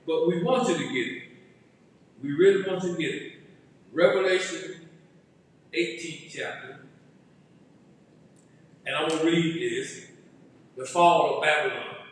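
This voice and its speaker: A male pastor preaching a sermon, building to shouted emphasis on key phrases. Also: fairly high pitch, measured pace, pauses often, a little hiss or hum. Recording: echoey hall, far from the mic.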